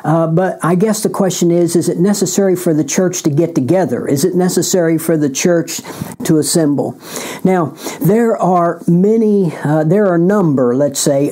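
A man, a pastor giving a bible teaching in a deliberate, emphatic way that repeats key words. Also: on the high side, mellow. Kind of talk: sermon-style bible teaching.

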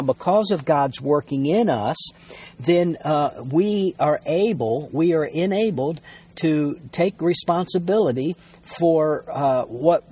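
A male pastor teaching a sermon, reading scripture aloud and explaining it with many pauses and repeated words. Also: fairly high pitch, darkish tone, breathy edge. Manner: unscripted teaching with frequent uh fillers and repeated words.

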